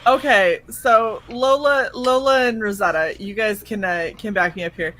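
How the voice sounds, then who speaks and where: A young woman co-hosting a casual chat stream, telling animated stories with blunt, frequent swearing. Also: medium pitch, normal speed. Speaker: stream co-host.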